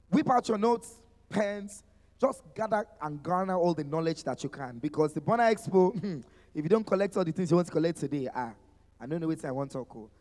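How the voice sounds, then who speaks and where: On an expo stage with music in the background, a male host with a Nigerian accent emcees a live panel, teasing guests and building them up in a playful sing-song style. His voice is high-pitched with a darkish tone, and the sound suggests a big room.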